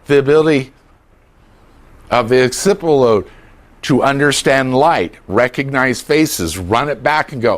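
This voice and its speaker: An older man gives a humorous talk on dementia care to a class, animated and jokey, acting out the voices of family members. His voice is mid-range, and he speaks slowly with frequent pauses.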